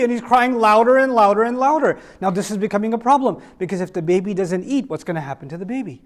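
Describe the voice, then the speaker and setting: A man's voice: high-pitched, brisk. A man telling a story to children in a lesson, acting out the characters and asking the kids questions. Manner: animated, acts out characters with voice changes, asks the kids questions. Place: room with children listening.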